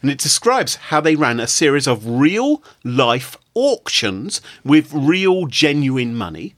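A man's voice: fairly high pitch, slow pace, dry recording. A man with a British accent hosting a podcast, telling stories in a jokey, casual way. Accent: British English. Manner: jokey, lively storyteller. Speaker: podcast host. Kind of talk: casual chat.

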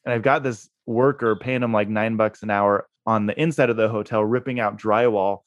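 Male guest, low easygoing voice, casual storyteller, dry close recording. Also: steady tone, normal speed, dry recording, dull audio. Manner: laid-back, laughs through his own story. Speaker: guest, real estate investor.

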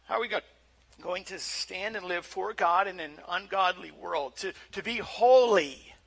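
A man's voice: high voice, a little slow, gravelly, a bit bright. A male pastor preaching a sermon in a conversational way, often repeating words as he starts a phrase.

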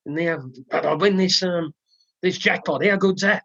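A man's voice: high voice, fairly even intonation, normal speed, vocal fry, a bit bright, breathy edge, no echo, muffled recording, heavily acted. A man voicing a chuffed, lucky male gambler at a pub in a joke.

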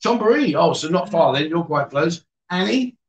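A man's voice: a little high, lively intonation, moderate pace, poor audio. Teasing man hosting a livestream. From England. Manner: teasing, joking banter with guests. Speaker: livestream host. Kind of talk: casual livestream chat reading viewer comments.

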